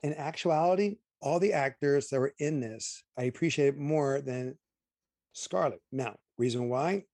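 A man talking through a film review with a co-host, opinionated and emphatic. His voice sits at an ordinary pitch. The sound is dry and close, with no room around it. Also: normal speed, dry recording. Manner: opinionated, emphatic, animated asides. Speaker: podcast co-host. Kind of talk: casual movie review chat.

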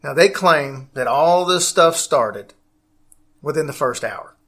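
A man's voice: on the high side, expressive, slow pace, fairly bright tone. A man hosting a casual podcast, rambling along and often restarting his sentences. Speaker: podcast host.

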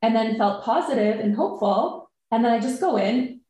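A woman chatting casually on a podcast, telling an animated story and acting out her own inner thoughts. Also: fairly high pitch, normal speed, very echoey, low-quality recording. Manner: animated storytelling, quotes herself.

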